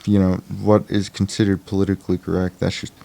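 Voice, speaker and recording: A man's voice: low voice, little pitch movement, fast talker, creaky, warm tone. A young man chatting casually as a podcast guest about acting in indie films, rambling with lots of fillers and restarts. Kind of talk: casual chat.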